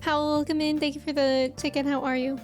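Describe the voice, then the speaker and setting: High-voiced chatty young woman streamer. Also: little pitch movement, fast, faint music behind. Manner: chatty, reads chat aloud and thanks viewers. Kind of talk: casual livestream chat while playing a game.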